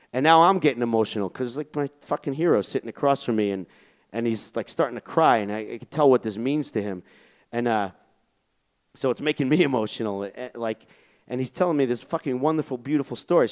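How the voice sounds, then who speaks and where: A man casually telling a long personal story as an interview guest, rambling with lots of fillers and swearing. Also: mid-range voice. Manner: profane, rambling, filler-heavy.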